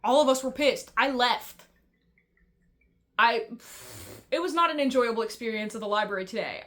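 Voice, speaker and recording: A woman's voice: on the high side, a bit bright. A woman vlogging in a casual rant, frustrated and blunt, swearing freely and often restarting her sentences. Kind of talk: casual ranting vlog.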